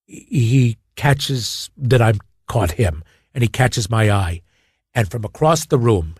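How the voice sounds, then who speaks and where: A middle-aged man telling stories in a rambling, excitable way as a podcast guest. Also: medium pitch, slow, breathy edge, no room sound, studio quality. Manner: rambling, excitable, shouts out quoted lines. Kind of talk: casual chat, storytelling.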